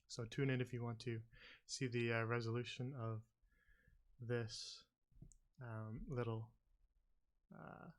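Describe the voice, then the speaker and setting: A man's voice: medium pitch, clear, resonant tone. Laid-back male game master. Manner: relaxed, laughs easily, many fillers. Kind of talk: casual tabletop game talk.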